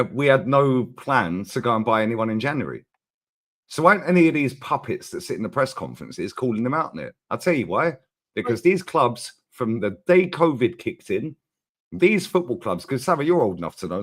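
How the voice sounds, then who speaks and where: A man co-hosting a casual football chat, ranting in an animated, slangy way. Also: mid-range voice. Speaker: co-host.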